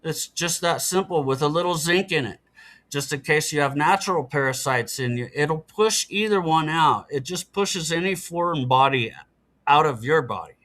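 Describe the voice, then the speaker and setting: A man's voice: a little high, moderate pace, fairly bright tone. A middle-aged man, a podcast guest, talking casually and explaining things in an earnest, matter-of-fact way. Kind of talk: casual interview talk.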